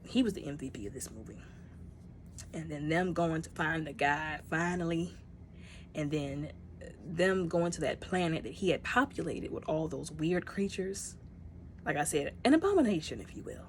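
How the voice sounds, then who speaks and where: A woman's voice: sits low, expressive, moderate pace, slight background noise. A woman giving a casual spoken movie review, retelling scenes and acting out the characters' lines.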